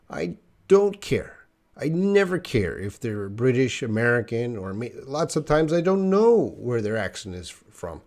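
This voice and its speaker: A man teaching a live online English lesson, patiently explaining grammar and answering viewer questions. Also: a little high.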